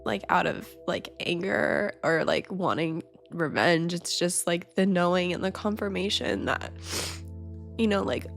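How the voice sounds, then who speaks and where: A woman podcast host talking through grief, tearful and halting, with many fillers, over soft background music. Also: fairly low pitch, vocal fry. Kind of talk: emotional personal talk.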